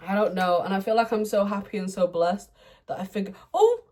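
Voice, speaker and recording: A young woman talks through her makeup routine in a casual chat at home. She is chatty and playful, laughing often and now and then breaking into excited outbursts. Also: mid-range voice, fairly quick. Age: young adult. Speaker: beauty vlogger. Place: home room, indoors.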